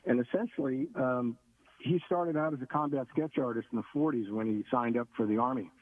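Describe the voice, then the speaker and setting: A man's voice: mid-range voice, a little fast, no room sound. Older man on a tinny line. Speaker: guest. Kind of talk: radio interview.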